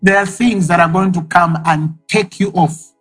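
A man's voice: high voice, fairly even intonation, normal speed, fairly bright tone, husky, soft background music, low-quality recording. A man preaching a sermon, emphatic and repeating key phrases for effect.

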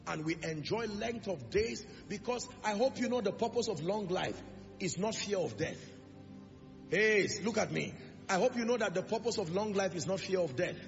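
Male preacher, high and gravelly, emphatic sermon delivery, echoing church hall with music underneath, dull lo-fi sound. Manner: emphatic preaching with rhetorical questions. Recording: reverberant lo-fi hall recording with music.

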